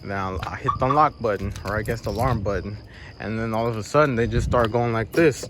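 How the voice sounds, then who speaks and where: A young man vlogging outdoors, ranting casually in an animated, slangy way. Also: lowish voice, brisk, background noise. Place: outdoors by his truck.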